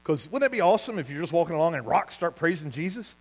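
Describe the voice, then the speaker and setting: A man preaching a sermon as pastor, telling stories with lively asides and laughing at his own jokes. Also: fairly high pitch, fast, poor audio.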